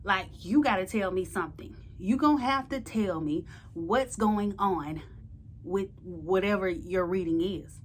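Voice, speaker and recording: A woman's voice: medium pitch, measured pace, a little hiss or hum, close to an everyday voice. A woman voicing a stubborn, frustrated female friend who demands answers insistently.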